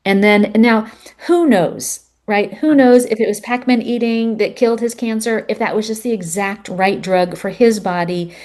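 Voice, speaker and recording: A middle-aged woman guest on a podcast, telling a personal story in an earnest, animated way with plenty of fillers. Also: medium pitch, normal speed, few pauses. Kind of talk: storytelling in conversation.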